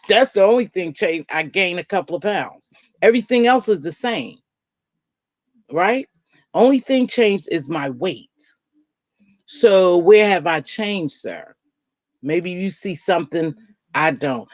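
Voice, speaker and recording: A woman's voice: lowish voice, lively intonation, slow pace, pauses often, no room sound. Emphatic woman host, dry close sound. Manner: emphatic, direct, repeats points for stress. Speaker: video host answering viewer comments. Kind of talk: casual livestream talk.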